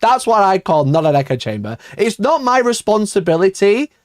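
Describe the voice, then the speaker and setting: A man hosting a livestream, answering his chat in a sweary, mocking rant and laughing often, with his voice shooting up high when he gets exasperated. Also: very animated, moderate pace, no echo, studio quality. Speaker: livestream host.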